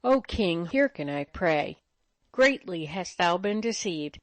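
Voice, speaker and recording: A woman voicing a harsh, loud nobleman accusing a stranger in archaic speech, in a storybook reading. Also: sits high, lively intonation, takes it slowly, no room sound.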